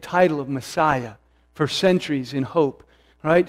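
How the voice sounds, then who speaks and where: A man's voice: on the high side, measured pace, big-room sound. A male pastor preaching an expository sermon, earnest and searching, with restarts and rising emphasis.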